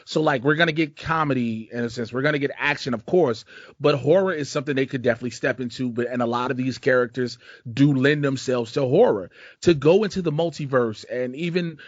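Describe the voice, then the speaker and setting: On a dull, lo-fi, dry recording, a medium-pitched man from Chicago talks fairly quickly. He hosts a casual podcast, rambling in a relaxed, profane way full of slang.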